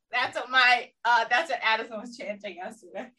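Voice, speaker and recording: A woman's voice: a little high, brisk, hardly any pauses, sharp tone, recorded from a distance. A woman leading a guided movement and mindfulness class, upbeat and encouraging as she cues movement and breathing. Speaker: fitness class instructor.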